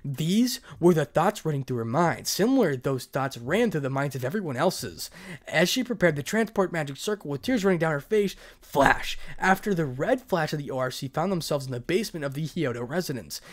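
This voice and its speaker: A man's voice: on the high side, lively intonation, fairly quick. A man reading a fan fiction story aloud as narrator, dramatic with the odd stumble.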